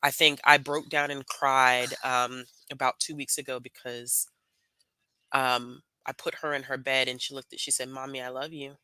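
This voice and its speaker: A woman, a mother on a video call panel, talking with deep emotion and trying not to cry. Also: level tone, moderate pace, bright, forceful tone, clear, resonant tone, no echo, rough recording. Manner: emotional, fighting tears, laughing through it. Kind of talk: heartfelt casual panel talk.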